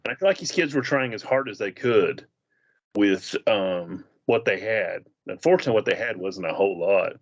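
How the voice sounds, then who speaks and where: A man with a fairly low voice talks through a western in a relaxed review chat. He retells scenes and slips into the characters' lines. The sound is dull and lo-fi. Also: moderate pace. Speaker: movie reviewer. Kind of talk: casual film review chat.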